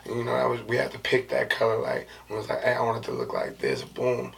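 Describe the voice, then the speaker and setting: Man, podcast host, slangy rambling chat, gravelly voice, sitting back from the mic. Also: big pitch swings, fast. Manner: loose slangy rambling with many fillers; soft low-key delivery, near whispering at times. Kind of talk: casual solo podcast chat. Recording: distant mic with faint background noise.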